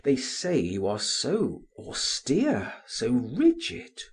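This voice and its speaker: A man's voice: mid-range voice, huge pitch swings, takes it slowly, breathy edge, full character voice. A male narrator voicing a scheming young man who pleads his love earnestly, in an audiobook reading.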